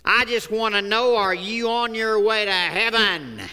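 Preacher playing a pushy evangelist, raised bright voice, echoey room. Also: male voice, high voice, measured pace, clear, resonant tone, pitched above the performer's own voice, full character voice. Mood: insistent. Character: eager traveling evangelist man, growing frustrated. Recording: echoey hall.

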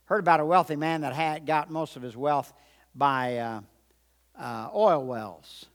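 A man pastor delivers a sermon in a fairly high, bright voice. He talks slowly and with emphasis, repeating lines and calling on the congregation to answer. A long reverb from a large auditorium hangs behind every phrase. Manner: emphatic, repetitive, call-and-response with the congregation.

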